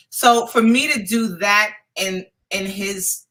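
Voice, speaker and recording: Lively woman with a bright voice. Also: medium pitch, slow pace, far from the mic, low-quality recording. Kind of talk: casual chat.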